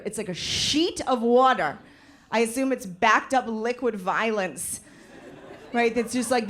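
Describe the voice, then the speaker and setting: At a live comedy venue, a bright-voiced woman performs an animated stand-up set. She tells stories by acting out voices, letting out loud, high yelps.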